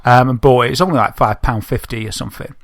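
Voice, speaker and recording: A man's voice: mid-range voice, fast talker, vocal fry, no echo, clean studio sound. Chatty man telling a story. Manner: animated storyteller who laughs often. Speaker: podcast co-host. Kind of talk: casual chat, telling an anecdote.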